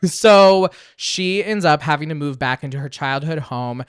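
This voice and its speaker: A man's voice: on the high side, moderate pace, smooth, no echo, studio quality. Chatty man recapping a movie. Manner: rambling, filler-heavy storytelling with acted-out quotes. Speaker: podcast host reviewing a film. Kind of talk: casual chat.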